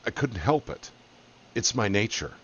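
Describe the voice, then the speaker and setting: A man voicing a sly male scorpion in a spoken fable, persuasive and smooth-talking. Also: on the low side, big pitch swings, measured pace, heavily acted. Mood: flat. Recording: dull lo-fi audio.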